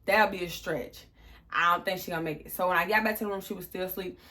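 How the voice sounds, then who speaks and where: Young female vlogger, twenties, crisp bright tone, casual profane storytelling. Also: fairly low pitch, fast. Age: 20s. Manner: animated, profane, acts out quotes.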